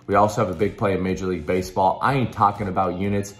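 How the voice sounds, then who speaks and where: Deep-voiced hyped man pitching bets. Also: steady tone, rapid-fire, fairly bright tone. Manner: hyped salesman talk with fillers and restarts. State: slightly hoarse. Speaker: sports betting tipster. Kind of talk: casual promotional pitch.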